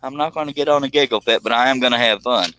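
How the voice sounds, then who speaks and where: Bright-voiced man chatting on a stream. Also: medium pitch, fast, a little hiss or hum, rough recording. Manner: rambling, jokey, giggly, reads viewer comments aloud. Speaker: woodworking live stream host. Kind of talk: casual live stream chat. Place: home woodworking shop.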